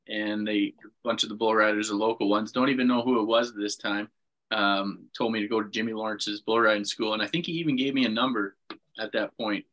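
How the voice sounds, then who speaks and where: A man in his thirties from Manitoba, a retiring bull rider and podcast guest, telling his story in a plain, modest, steady way. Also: fairly low pitch, low-quality recording. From Manitoba, Canada.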